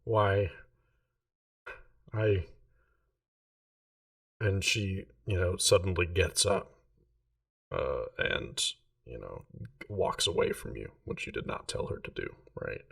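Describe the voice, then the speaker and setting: A man's voice: low-pitched, big pitch swings, a little slow, creaky, fairly bright tone, far from the mic. A man narrating as game master of a tabletop game, rambling with many fillers.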